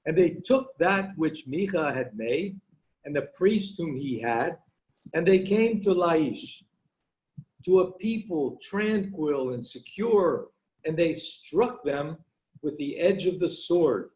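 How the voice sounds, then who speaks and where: A man reading verses of scripture aloud for a class, measured and deliberate. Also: fairly high pitch, lively intonation, darkish tone, rough recording.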